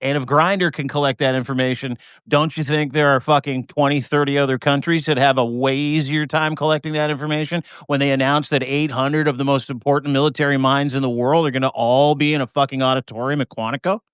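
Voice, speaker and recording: A man's voice: mid-range voice, level tone, fairly quick, few pauses, fairly bright tone, clear, resonant tone, no room sound, studio quality. A man hosting a talk show, chatting casually with sarcastic asides and some swearing. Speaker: host.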